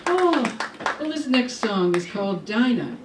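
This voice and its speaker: A woman performing live songs at a senior center, crooning slowly and making brief, plain remarks between songs. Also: on the high side, sing-song, background noise. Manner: slow and crooning when singing, brief plain remarks otherwise. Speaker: singer and performer. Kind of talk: live singing with banter. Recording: very echoey hall, distant mic, loud music.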